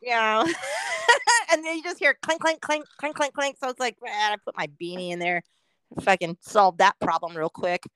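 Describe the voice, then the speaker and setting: A woman's voice: mid-range voice, moderate pace, fairly bright tone, clean tone, no room sound, rough recording. A woman in her forties co-hosting a podcast, joking playfully and swearing, with frequent laughter. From American. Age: 40s. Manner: laughs often, profane and playful. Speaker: podcast co-host. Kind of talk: casual chat.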